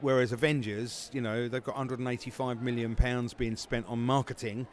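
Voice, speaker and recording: A man's voice: medium pitch, little pitch movement, normal speed, hardly any pauses. A man who founded a film festival, answering interview questions casually with many fillers and restarts.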